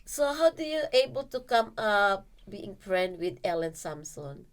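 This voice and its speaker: Woman, podcast host, casual chat, friendly prompts, middle pitch. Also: big pitch swings, a little slow. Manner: friendly, brief prompts and back-channels.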